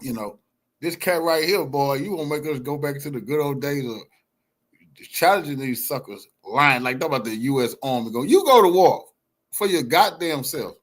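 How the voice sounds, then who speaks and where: A man reacting to a news clip in a loud, mocking, slangy rant that swings between shouting and muttering. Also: fairly high pitch, animated, normal speed. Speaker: reaction streamer. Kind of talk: ranting reaction commentary.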